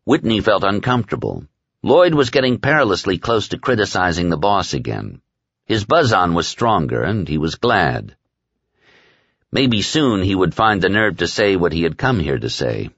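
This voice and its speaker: Deep-voiced male audiobook narrator. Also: very animated, normal speed, fairly bright tone, husky, no room sound, lo-fi sound. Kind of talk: scripted narration.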